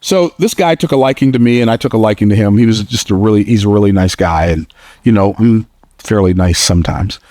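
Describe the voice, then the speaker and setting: Lively man giving a motivational speech. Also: brisk, dry recording, studio quality. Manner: storytelling, energetic, slips into a high squeaky voice for quotes; plain-spoken and joking, repeats phrases for emphasis. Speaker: motivational speaker. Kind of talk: motivational speech to a live audience.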